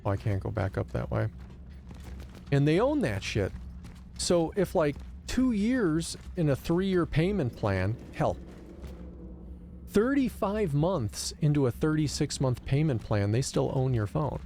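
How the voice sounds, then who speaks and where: A man's voice: a little high, unhurried, vocal fry, slight background noise. Man ranting animatedly while streaming a game. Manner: animated ranting, acts out both sides of calls, profane. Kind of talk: casual live-stream storytelling while gaming.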